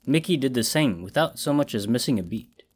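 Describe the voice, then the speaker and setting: A man narrating a first-person horror story in a measured storytelling manner. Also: medium pitch, expressive, husky. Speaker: audiobook narrator.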